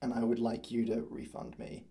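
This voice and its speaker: A man appearing as a guest on a comedy show, answering in a deadpan, playful way and going along with the jokes. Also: mid-range voice, normal speed. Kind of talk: casual comedic banter.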